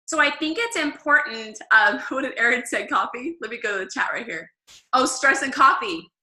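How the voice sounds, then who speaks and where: A woman leading a casual Bible study talk, chatty and upbeat, laughing often and filling pauses with "um.". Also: on the high side, animated, bright, forceful tone, echoey room, rough recording.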